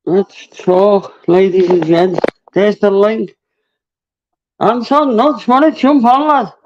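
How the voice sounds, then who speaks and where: A man hosting a live stream, excitable and laughing, swearing freely. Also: high voice, takes it slowly. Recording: dull lo-fi stream audio.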